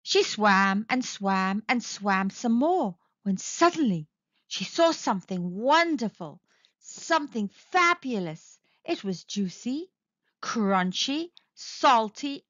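A woman narrating a read-aloud storybook for children, sing-song and expressive as she talks straight to kids. Her voice is high and swoops widely at an unhurried pace. The recording is dry and a bit dull. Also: no echo.

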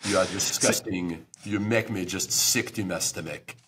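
A man's voice: deep voice, measured pace, fairly bright tone, slight background noise, voice pushed down. A man putting on a sneering Frenchman. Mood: disgusted. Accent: mock French. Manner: contemptuous, scolding. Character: haughty, disgusted adult Frenchman.

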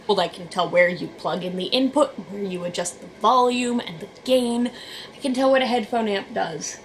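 A woman vlogging, telling a rambling story in a casual, animated way with sarcastic asides. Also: medium pitch, moderate pace, a little hiss or hum. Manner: animated, sarcastic asides, quotes people in voices.

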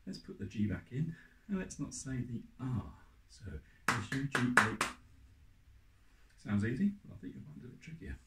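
A man's voice: medium pitch, sing-song, normal speed. A man teaching an online music lesson to children, upbeat and encouraging, counting in and singing along. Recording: echoey room with faint noise.

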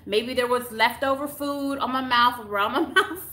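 A Texan YouTuber opens her mail on camera in casual live chat, her bright, fairly high voice gushing and gasping at each item. She speaks slowly, exclaims often, laughs, and sounds like she's in an echoey room.

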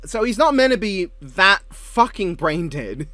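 A man's voice: high-pitched, sing-song, a little slow, sharp tone, no echo. A man chatting casually as a co-host, joking, swearing freely and laughing often. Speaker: co-host ranking show intros. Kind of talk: casual podcast chat.

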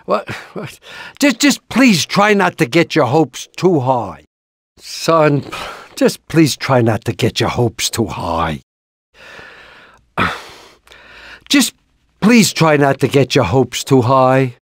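A man's voice: mid-range voice, sing-song, slow pace, long pauses, dry recording, clean studio sound, full character voice. An older actor voicing a nervous, fussy rooster father in a cartoon video game, stammering and shrieking when scared. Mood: flustered. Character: nervous, fussy rooster dad, easily panicked.

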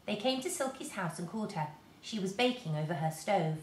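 A woman reading a children's storybook aloud for her class. Her voice moves up and down with lively expression. The room has a noticeable echo. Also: medium pitch, a little fast, slight background noise. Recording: roomy echo.

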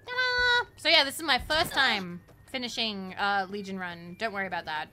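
A woman's voice: medium pitch, normal speed, bright, forceful tone, faint music behind. A young woman from Australia chatting playfully with her chat while streaming a game, giggling often. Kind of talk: casual livestream chat while gaming.

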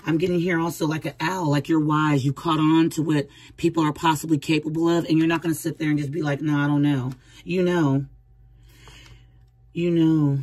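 A woman's voice: sits low, level tone, moderate pace, darkish tone, husky, poor audio. A woman giving a casual tarot reading, chatty and speaking straight to the viewer with frequent laughs. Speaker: tarot reader.

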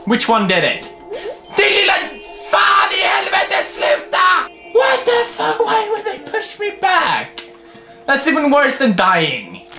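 A young man in his twenties with a Swedish accent, commentating a game while swearing, muttering low and yelling high. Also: wildly swooping pitch, takes it slowly, vocal fry, echoey room, over music, a crowd in the background. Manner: loud, swearing, swinging between low mutters and high yells. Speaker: gaming video host. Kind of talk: gameplay commentary.

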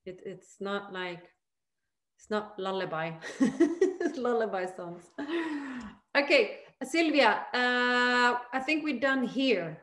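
A woman teaching a group chanting lesson over a video call, patient and encouraging, demonstrating each line slowly. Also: on the high side, expressive, a bit bright, roomy sound.

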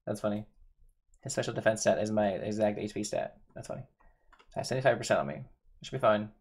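A man's voice: on the low side, fast talker. A man giving casual gameplay commentary, thinking aloud, repeating himself and talking to his game characters. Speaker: gaming YouTuber.

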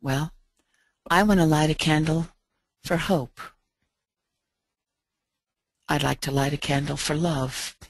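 Middle-aged American woman, low-pitched, gentle reflective storyteller, dry close sound. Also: fairly even intonation, no echo. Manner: gentle, slow, reflective with soft pauses. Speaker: speaker. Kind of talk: heartfelt storytelling talk.

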